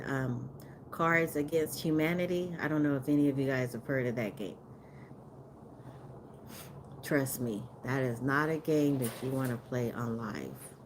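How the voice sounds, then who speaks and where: Slow-talking woman on a livestream. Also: a bass voice, slight background noise. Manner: chatty, rambling, laughs often. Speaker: live streamer. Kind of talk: casual livestream chat.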